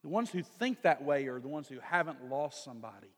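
A man preaching a sermon as pastor, reading scripture, then explaining it earnestly, slowing down and swelling louder to stress key points. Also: mid-range voice, lively intonation. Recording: long hall reverb.

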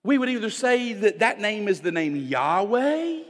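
A man preaches a sermon, pressing his points with emphasis and asking the congregation questions directly. His voice is unusually high for a man, and he speaks slowly with wide swings in pitch. A long hall reverb trails after each phrase. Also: very animated.

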